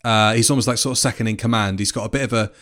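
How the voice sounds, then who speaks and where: A man co-hosting a podcast, talking in a relaxed, conversational way. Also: fairly low pitch, racing. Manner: relaxed, conversational, reads out quotes. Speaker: podcast co-host. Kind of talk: casual chat review.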